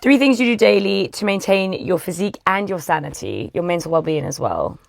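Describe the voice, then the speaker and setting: A chatty woman hosting a podcast, talking loosely and casually. Her voice sits fairly low for a woman. The recording is dry and close, with no room sound. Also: lively intonation, fairly quick, gravelly, no room sound. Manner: chatty, swears casually, acts out quoted dialogue. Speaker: podcast host. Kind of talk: casual conversational interview.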